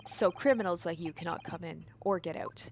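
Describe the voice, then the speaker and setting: Woman voicing a burly sailor man, gruff, curt, broken English, game reading. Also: on the low side, fairly quick, slight background noise. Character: gruff burly male Russian sailor guard.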